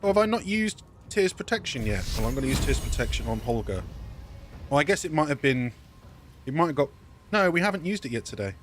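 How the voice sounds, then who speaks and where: A man's voice: fairly high pitch, sing-song, fairly quick, noisy background. A man casually commentating his gameplay as a let's play streamer, thinking aloud and correcting himself as he goes.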